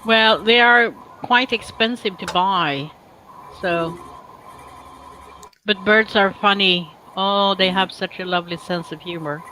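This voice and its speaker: A woman's voice: medium pitch, slow, bright, forceful tone, a little hiss or hum, low-quality recording. A woman from Sweden, chatting casually and teasingly on a livestream, giggling often. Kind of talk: casual chat.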